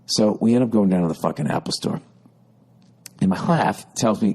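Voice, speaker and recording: A man's voice: on the low side, normal speed, pauses often, darkish tone. A middle-aged man hosting a podcast, telling a profane, rambling comic story with exasperated rants. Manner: rambling, exasperated, heavy swearing, ranting with rising intensity. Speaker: podcast host.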